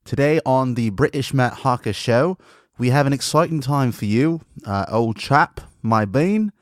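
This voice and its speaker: A man rambles through a comic monologue in a deliberately fake British accent, sounding mock-formal and absurd. His voice sits at an ordinary middle pitch. The sound is close and dry, with no room around it. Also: animated, no echo. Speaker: comedy podcast host.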